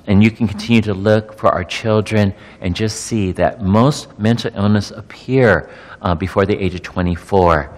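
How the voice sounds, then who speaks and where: Middle-aged pastor guy, kinda low voice, candid testimony, stumbles and repeats words a lot, big echoey hall. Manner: candid, halting, repeats words while searching. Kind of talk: personal testimony talk to an audience.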